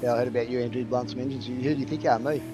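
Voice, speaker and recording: Fast-talking Australian man, joking banter. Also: medium pitch, steady tone, over music. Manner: joking, teasing, quick-fire. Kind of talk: casual banter.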